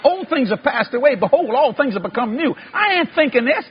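A man preaching a sermon, telling a story in a folksy way with y'all and ain't, swinging from loud exclaiming to low hushed tones. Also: big pitch swings, brisk, muffled recording, slight background noise. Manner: folksy Southern-style speech with y'all and ain't.

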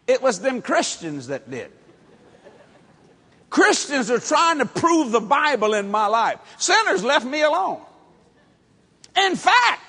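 Preacher, man, middle-aged, very high voice, lively swooping pitch, animated sermon storytelling, long hall reverb. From New Orleans, USA. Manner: animated storytelling with shouted bursts and chuckles.

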